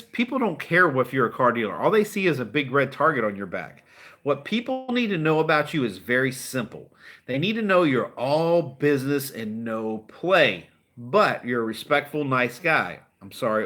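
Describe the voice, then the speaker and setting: A man's voice: on the high side, pushed and bright. A middle-aged man and car dealer giving a fired-up, profane, blunt motivational talk to his channel's viewers.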